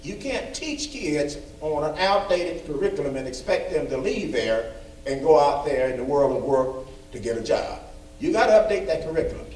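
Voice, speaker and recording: A man's voice: a little high, big pitch swings, moderate pace, a little mellow, a little hiss or hum. A man giving an emphatic, folksy report at a school board meeting, repeating phrases for stress. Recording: echoey room, far from mic.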